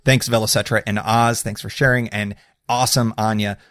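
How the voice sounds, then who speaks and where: A man's voice: fairly low pitch, little pitch movement, brisk, fairly bright tone, no echo. A man hosting a podcast, talking in an upbeat, chatty way with fillers and laughs. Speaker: podcast host. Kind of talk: casual podcast talk.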